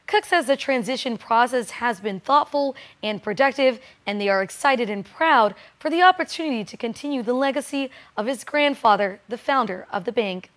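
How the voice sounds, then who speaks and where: A woman news anchor reading scripted stories and segment teasers in a smooth, even way. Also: on the high side, normal speed, few pauses. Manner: smooth, even newsreader delivery.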